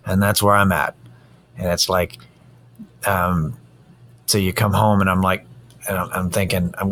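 A man's voice: low voice, level tone, moderate pace, long pauses, fairly bright tone, slight background noise. A man hosting a casual solo podcast, drained and worn out, rambling in a tired, self-deprecating way. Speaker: podcast host.

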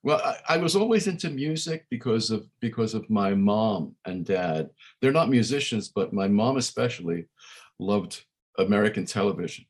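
A husky, somewhat low voice from an older man. He tells his stories in a loose, rambling way, full of fillers and restarts. He is a musician guest in a casual interview. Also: lively intonation, moderate pace. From Brooklyn, New York. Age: 60s.

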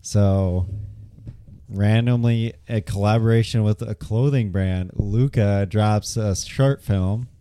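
A man co-hosting a casual movie review podcast, relaxed and sprinkling in fillers. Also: fairly low pitch, slow pace, clear, resonant tone. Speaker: podcast co-host.

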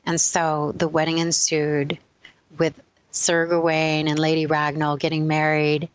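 A woman giving a spiritual talk, retelling a legend in a lively storytelling manner. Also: deep voice, clear, resonant tone, dry recording, dull audio. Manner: animated storyteller, switching quickly between characters. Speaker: spiritual speaker.

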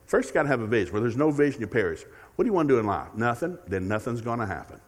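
A middle-aged man preaching a sermon as a guest speaker. He is folksy and humorous and repeats key phrases. He moves between loud, emphatic preaching and quiet, confiding storytelling. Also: medium pitch, sing-song, racing. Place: church sanctuary. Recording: long hall reverb in a church.

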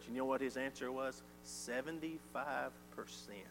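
A man preaching a sermon, swinging from loud emphatic lines to quiet ones. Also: mid-range voice, brisk, few pauses. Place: church sanctuary. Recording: reverberant church hall with faint hum.

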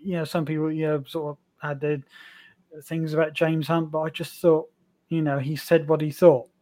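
An enthusiastic man guesting on a podcast, his voice sitting a touch high for a man. He talks in a loose, rambling way, full of "um" and "you know", running one thought into the next. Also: level tone, normal speed, mellow. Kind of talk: casual chat.

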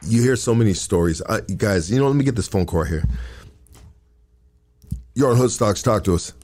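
A man's voice: on the low side, expressive, normal speed, darkish tone, a little hiss or hum. A man hosting a casual podcast, joking and taking a phone call. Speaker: podcast host. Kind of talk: casual chat, taking calls.

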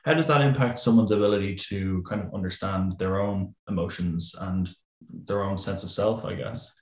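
A man hosting a podcast interview with a very deep, low voice. He asks questions tentatively, rephrasing mid-sentence. The sound carries noticeable room echo. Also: steady tone, moderate pace, a little mellow. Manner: hesitant, rephrases questions as he goes. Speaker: podcast host. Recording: echoey room.

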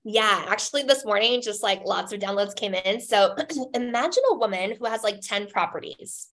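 A woman talking as a podcast guest in a casual, animated way, full of fillers, acting out her own inner voices. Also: mid-range voice, moderate pace.

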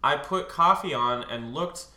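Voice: mid-range voice, echoey room. A co-host reading fan fiction aloud on stage, playful and drily amused, laughing at the text. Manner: slow, playful, deadpan asides, laughs at the text. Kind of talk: live comedic reading with banter. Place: stage before a live audience.

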